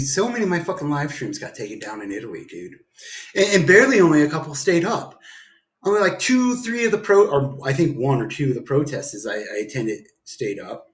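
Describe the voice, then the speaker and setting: A man's voice: a little high, expressive, fairly quick. A man rambling through a profane, jumpy livestream monologue from home. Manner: rambling, profane, jumps around the story. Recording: echoey room.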